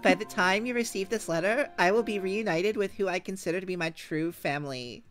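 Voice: mid-range voice, fairly quick, a bit bright, faint music behind, pitched above the performer's own voice, natural voice. A game player putting on an exaggerated Valley Girl voice to read a young girl's farewell letter in a visual novel. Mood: dramatic. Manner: sing-song, overblown reading.

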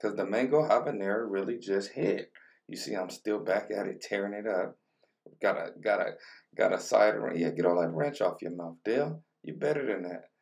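A man's voice: lowish voice, expressive, normal speed, vocal fry, a little mellow, far from the mic. A young man casually chatting through a food vlog, talking in laid-back slang between bites. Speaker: mukbang vlogger. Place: home room with colored lighting.

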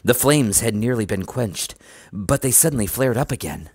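A man reading a children's horror storybook aloud in a steady, even narration. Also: mid-range voice, normal speed, husky, no room sound, studio quality. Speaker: audiobook reader.

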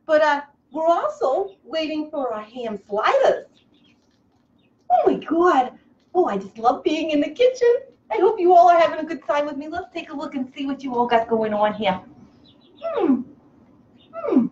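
A woman hosting a comic live cooking show from a kitchen, over-the-top excitable, breaking into squeals and gushing. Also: extremely high pitch, moderate pace. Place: home kitchen. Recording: echoey kitchen, slightly dull, faint hiss.

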